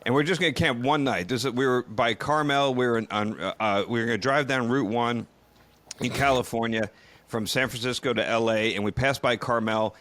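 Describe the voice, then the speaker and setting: A man telling a camping story in casual podcast chat, relaxed and full of fillers. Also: medium pitch. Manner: relaxed, filler-heavy, quick asides. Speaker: podcast co-host.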